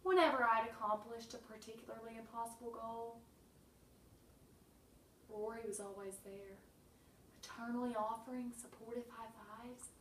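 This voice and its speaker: A woman reading her own humorous memoir with wry, deadpan comic timing and sudden bursts. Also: a little high, normal speed, long pauses, roomy sound, distant mic, slight background noise, poor audio.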